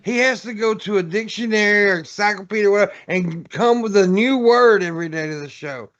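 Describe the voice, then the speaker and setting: Give me a high-voiced male guest joking his way through a podcast plug. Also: fairly quick, a bit bright, no echo, muffled recording. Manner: joking, hesitant rambling. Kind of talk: casual podcast chat.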